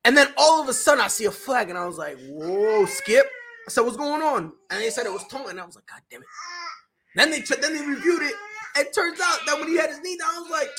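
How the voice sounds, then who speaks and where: A young adult woman hosting a sports podcast, telling stories in an animated, slangy way with lots of restarts and tag questions. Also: high-pitched, fast, slight background noise. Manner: animated storyteller, slangy, full of restarts and "right?". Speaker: podcast host. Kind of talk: casual sports chat.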